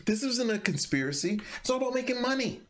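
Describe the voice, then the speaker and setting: A man's voice: extremely high pitch, sing-song, quick pace, a bit bright, slight background noise. A man giving casual reaction commentary on a political clip, exasperated and mocking, rambling with stumbles.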